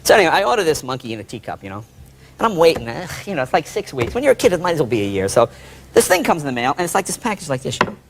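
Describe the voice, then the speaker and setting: A man telling a comic childhood story as an animated, laughing storyteller, from a noisy played-back clip. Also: on the high side, very fast, vocal fry. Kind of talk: comic anecdote.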